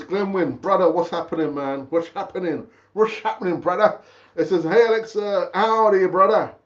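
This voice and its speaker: A man's voice: a little high, highs cut off. A middle-aged man hosting a casual live football fan stream, chatty and repetitive, calling viewers brother. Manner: chatty, repeats himself, calls viewers brother. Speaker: football fan channel host.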